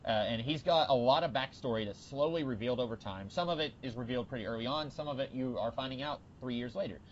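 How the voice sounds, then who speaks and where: A man co-hosting a podcast, chatting casually about a TV episode with lots of fillers and bursts of excitement. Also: medium pitch, fast talker, dull audio, a little hiss or hum. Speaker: podcast co-host. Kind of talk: casual TV discussion.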